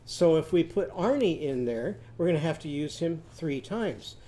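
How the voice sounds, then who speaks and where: A man with a mellow, fairly high voice teaches a literacy lesson to young children, speaking at a normal pace with an animated delivery. He draws out sounds and syllables for the class to imitate and then asks them all to repeat after him.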